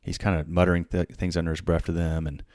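Low-voiced man telling a story. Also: little pitch movement, quick pace, a little mellow, dry recording, studio quality. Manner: conversational, many fillers and restarts, acts out quoted dialogue. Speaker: podcast host telling a story. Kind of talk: casual storytelling.

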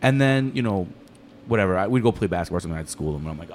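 Fast-talking, profane man. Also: deep voice, a little hiss or hum. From United States. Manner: fast, profane, animated storytelling. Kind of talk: casual podcast chat.

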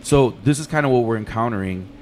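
A man, a chef and restaurant owner, telling a story in casual talk, animated and profane, acting out the people in it. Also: mid-range voice, fast talker, background noise. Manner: animated, profane, acts out quotes in his story.

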